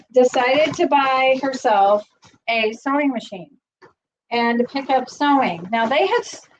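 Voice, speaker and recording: A woman's voice: high voice, muffled recording, background noise. A middle-aged woman hosting a casual live stream, chatty and rambling, getting teary as she talks. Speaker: channel host.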